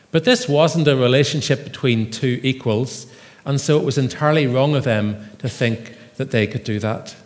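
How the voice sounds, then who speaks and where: A man preaching a sermon in an earnest, measured way, with emphatic readings from Scripture. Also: mid-range voice. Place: church. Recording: long reverb of a church hall.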